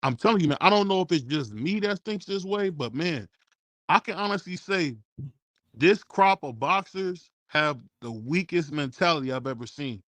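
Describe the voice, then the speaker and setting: A man hosting a casual sports talk show, relaxed and conversational, often tagging his sentences with "man.". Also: a little high, normal speed, no room sound.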